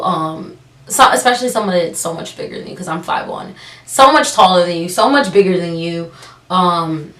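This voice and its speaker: A young woman telling a personal story on her vlog, sarcastic and animated, acting out the people she quotes. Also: medium pitch. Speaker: vlogger. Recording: roomy, from a distance.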